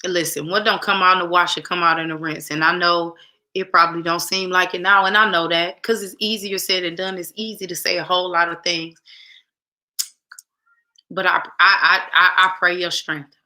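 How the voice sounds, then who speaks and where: A woman hosting a casual talk show speaks emphatically straight to her viewers, repeating phrases for weight. Her voice is lowish and sharp, with a steady tone at normal speed.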